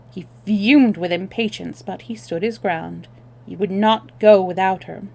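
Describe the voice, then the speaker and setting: Brief: expressive woman storyteller, livestream novel reading, mid-pitched. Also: creaky. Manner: expressive reading with small self-corrections.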